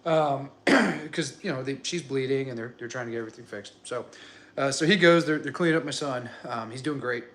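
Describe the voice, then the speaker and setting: Man telling a lively story, acting out quotes. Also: medium pitch, fairly quick. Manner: animated, acts out quotes, chuckles often. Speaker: father telling a birth story. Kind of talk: casual storytelling.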